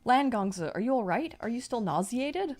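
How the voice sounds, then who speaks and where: A woman voicing a gentle, timid young man who speaks meekly and apologetically. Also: a little high, animated, moderate pace, faint music behind, voice pushed up, close to an everyday voice. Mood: meek worry.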